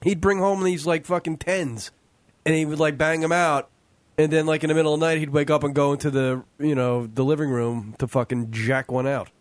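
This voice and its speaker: A man's voice: fairly high pitch, steady tone, a little fast, no room sound. Crude joking male podcast co-host. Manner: crude, joking, rambling storyteller. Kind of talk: casual crude podcast banter.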